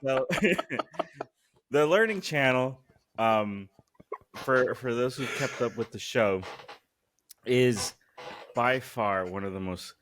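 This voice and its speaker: A man's voice: medium pitch, animated, takes it slowly, long pauses, a bit bright, slight background noise. Laid-back young male podcast co-host. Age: young adult. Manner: laid-back, laughs often, rambling with restarts. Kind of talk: casual podcast banter.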